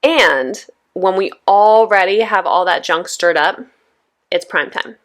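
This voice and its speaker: Speaking slowly in a mid-range, slightly bright voice, a woman in her thirties hosts a podcast in a relaxed, chatty way. She often turns aside to address her listeners, sprinkling in plenty of "right?" and "you know".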